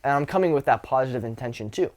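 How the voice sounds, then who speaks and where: A man coaching on social skills in a casual instructional talk, relaxed and grounded, slowing his words for emphasis. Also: mid-range voice. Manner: demonstrative, swings from whisper to loud to show vocal dynamics; relaxed, grounded, drawn-out delivery with sighs.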